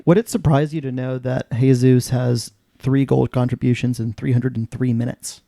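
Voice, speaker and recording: A man's voice: mid-range voice, little pitch movement, normal speed, gravelly, dark tone, no echo, clean studio sound. A man co-hosting a casual podcast chat, matter-of-fact as he runs through stats. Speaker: podcast co-host.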